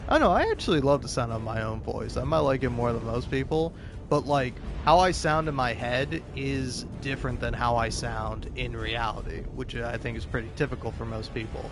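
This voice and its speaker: A man's voice: mid-range voice, brisk, background noise. A young man chatting casually as he plays and comments on a game, rambling with many restarts and swearing. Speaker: YouTuber, gameplay commentator. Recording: game music behind.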